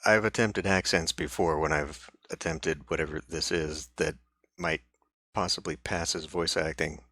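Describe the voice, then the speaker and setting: A man's voice: a bass voice, fairly even intonation, unhurried, bright, forceful tone, dry recording. A man hosting a let's play, commenting casually in a self-deprecating, offhand way.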